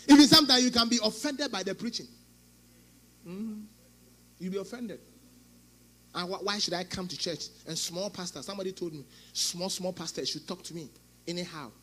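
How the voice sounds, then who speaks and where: A middle-aged male pastor preaches a sermon in a high-pitched voice, with a little hiss or hum in the background. He swings between loud outbursts and quieter asides and acts out quoted speech.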